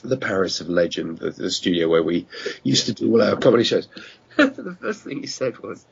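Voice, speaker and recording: Husky, low-voiced storyteller on a call. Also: male voice, big pitch swings, moderate pace. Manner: rambling storyteller who restarts and corrects himself. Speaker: guest, radio producer. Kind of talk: casual chat, anecdotes. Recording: muffled online call audio.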